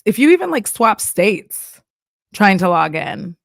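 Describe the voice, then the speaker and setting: A young woman from Texas chats casually on her live stream, breaking into laughter and playful put-on voices. Her pitch sits in an ordinary middle range. The sound is dry and close, with no room echo. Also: very animated, unhurried, creaky, fairly bright tone. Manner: chatty, laughs often, acts out voices of banks and apps. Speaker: streamer reacting to a video.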